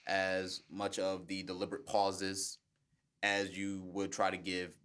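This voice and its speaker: A man with a deep bass voice, a guest on a podcast, explaining his public speaking method in a measured, friendly way. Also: completely flat delivery, fairly bright tone. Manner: measured, explanatory, laughs easily. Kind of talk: conversational podcast interview.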